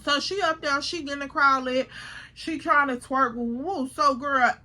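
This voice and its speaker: High bright girl spilling a storytime, slangy, talks right to y'all. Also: normal speed. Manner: animated, slangy, addresses viewers directly. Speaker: YouTuber telling a storytime. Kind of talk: casual storytime.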